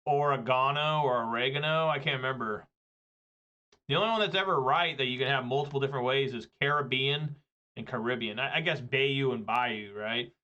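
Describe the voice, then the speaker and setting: A man's voice: medium pitch, sharp tone. Man, chatty gameplay commentator, slightly lo-fi mic. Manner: rambling, joking, chatty. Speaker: gaming video creator.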